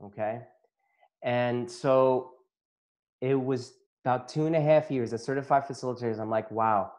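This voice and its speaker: A man's voice: mid-range voice, fairly even intonation, normal speed, darkish tone. Earnest man telling his life story. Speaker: chiropractor and workshop facilitator. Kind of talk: personal testimony to an audience.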